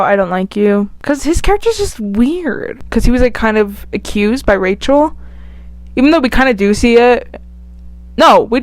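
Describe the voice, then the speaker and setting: An animated woman vlogger chatting casually and expressively. Her voice sits a little high, and the recording is dry and close, with no room sound. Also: no echo. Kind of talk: casual tier-list commentary.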